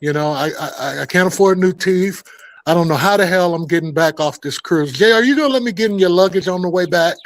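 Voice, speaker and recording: An older man with a somewhat high voice holds forth on a casual morning show. He rants in a loud, profane, joking way. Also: quick pace, poor audio. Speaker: co-host.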